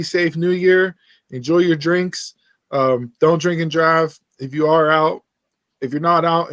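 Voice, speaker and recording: Male podcast host, slightly higher voice, dry close sound, animated storyteller. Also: dry recording, dull audio. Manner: animated storyteller, acts out quotes. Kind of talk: casual podcast chat.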